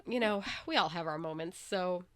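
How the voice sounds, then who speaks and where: A woman's voice: fairly low pitch, moderate pace. A woman hosting a podcast about movies, talking casually and laughing easily. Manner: chatty, laughs easily, conversational. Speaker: podcast host. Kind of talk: casual chat.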